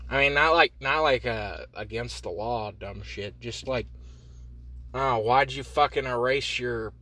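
A young man hosting a podcast, rambling through profane, absurd comic tangents in a deadpan way, talking from inside a parked truck. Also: mid-range voice. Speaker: podcast host. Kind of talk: rambling comedic monologue.

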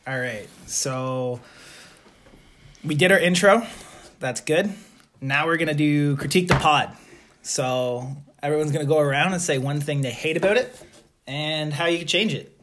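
A man's voice: a little high, moderate pace, pauses often, fairly bright tone, slight background noise. A young man hosting a casual podcast, rambling with lots of fillers and jokes. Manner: rambling, filler-heavy, joking. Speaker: podcast host.

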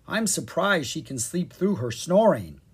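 Storyteller putting on a plucky girl hero, voice jumps up high and lively, a bit breathy. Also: unhurried, exaggerated voice. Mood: brisk. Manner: urgent, raised and bright. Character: brave determined young girl adventurer.

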